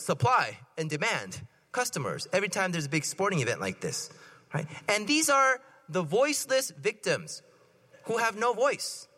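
Bright-voiced priest joking in a sermon. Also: male voice, high-pitched. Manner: playful, joking and asking the congregation questions. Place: church. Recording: long hall reverb.

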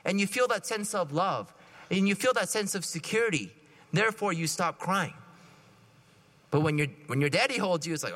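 Chatty preacher guy acting out little scenes, bright tense voice, big echoey hall. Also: high voice, normal speed. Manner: conversational, animated, acts out scenes. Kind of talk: sermon. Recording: reverberant hall.

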